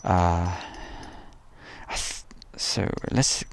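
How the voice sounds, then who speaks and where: A man's voice: low voice, drawn-out words, creaky. A man hosting a casual outdoor live stream, rambling chattily and reading viewer messages aloud. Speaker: livestream host. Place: outdoors at an airfield.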